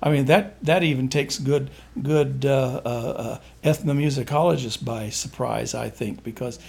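A man in an interview, explaining folk music in a halting, rambling way and often restarting his sentences. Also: mid-range voice, fairly even intonation, gravelly, darkish tone, breathy edge. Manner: halting, rambling, searches for words with many restarts.

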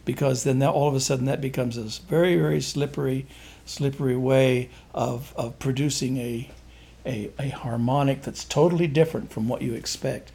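A man in an interview, explaining folk music in a halting, rambling way and often restarting his sentences. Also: medium pitch, steady tone, creaky, dark tone, husky. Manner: halting, rambling, searches for words with many restarts.

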